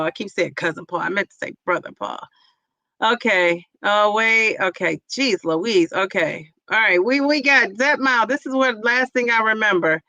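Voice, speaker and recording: Chatty and effusive, a woman reads her livestream chat and replies to comments, encouraging viewers as she rambles with fillers. Her voice is medium in pitch, bright and forceful. The poor-quality audio has no room sound.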